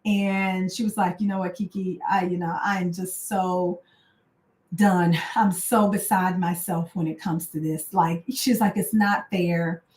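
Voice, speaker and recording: A woman coach and host gives a casual motivational talk, passionate and conversational, with many fillers and growing indignation. Her lowish, darkish voice keeps a fairly even intonation at a measured pace, and the sound is reverberant.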